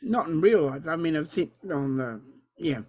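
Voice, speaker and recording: A woman with an Italian accent playing in a tabletop game, talking eagerly in halting bits and repeating her words. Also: low-pitched, lively intonation, darkish tone. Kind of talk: casual play and chat.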